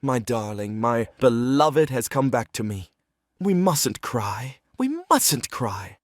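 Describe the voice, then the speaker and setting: A man's voice: mid-range voice, animated, slow, no room sound, studio quality. A man reading the role of a despairing, lovesick young writer in a play reading, earnest and pleading. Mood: yearning.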